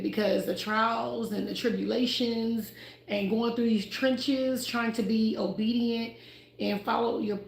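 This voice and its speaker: Chatty woman on a livestream talking faith, a bit high, gravelly fry, echoey room. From United States (Ohio, raised in Houston). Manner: chatty, expressive, laughs often. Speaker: livestream host. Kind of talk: casual livestream chat about faith. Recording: roomy echo.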